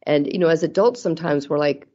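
A woman's voice: sits low, quick pace, mellow, highs cut off. A middle-aged woman talking earnestly and reflectively about parenting in a casual conversation, the mother of grown children. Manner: earnest, reflective, acts out quoted mom voices. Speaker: guest.

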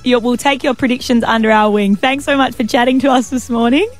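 A young woman co-hosting a casual radio show, chatty and quick to laugh. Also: a little high, steady tone, faint music behind. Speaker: radio co-host. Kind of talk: casual breakfast radio chat.

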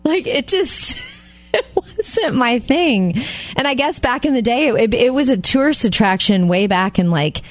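A woman's voice: on the high side, animated, unhurried, dry recording. A woman co-hosting a casual talk show, telling stories in a chatty way and laughing easily. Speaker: radio co-host. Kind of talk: casual chat.

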